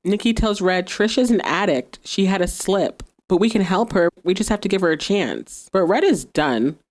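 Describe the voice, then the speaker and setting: Recapping an episode of her podcast, this host keeps things chatty, laughing frequently and performing the characters' quoted dialogue. She speaks at a medium pitch and moderate pace, with lively intonation and a slightly mellow tone.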